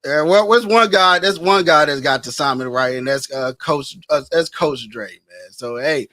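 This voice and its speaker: A man's voice: on the high side, moderate pace, bright, forceful tone, no echo. A man emceeing a live roast, teasing and laughing as he talks over a video call. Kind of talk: live show banter.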